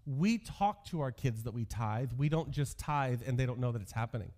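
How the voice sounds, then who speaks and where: A man's voice: mid-range voice, lively intonation, moderate pace, darkish tone. Man preaching a sermon with humor. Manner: storytelling with self-deprecating humor. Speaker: pastor.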